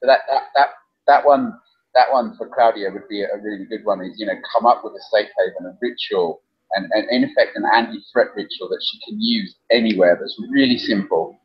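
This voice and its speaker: A man's voice: fairly low pitch, a little fast, muffled recording. A man co-hosting a casual webcast chat, blunt and jokey, laughing often. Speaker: co-host, coach.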